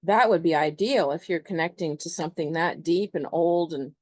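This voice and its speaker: A woman's voice: lowish voice, normal speed, no room sound. A woman astrologer talking through a chart in a chatty, loose way, full of fillers. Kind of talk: casual astrology explanation.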